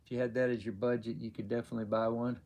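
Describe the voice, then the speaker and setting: A man hosting a casual live stream, answering viewers' chat questions in a rambling, halting way with many fillers. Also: mid-range voice, little pitch movement, darkish tone. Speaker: livestream host.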